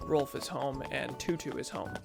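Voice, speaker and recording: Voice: medium pitch, normal speed, creaky, over music. A game streamer chatting casually while playing, thinking aloud and joking at their own expense.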